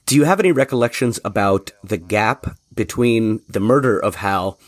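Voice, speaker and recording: A podcast host interviewing a guest, asking long, thoughtful questions. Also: male voice, lowish voice, normal speed, no room sound.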